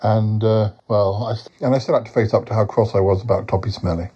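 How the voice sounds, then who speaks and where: A man's voice: on the low side, fairly even intonation, a little fast, dull audio, noisy background. A man hosting a comedic podcast review, rambling and hesitant with many fillers. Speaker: podcast host.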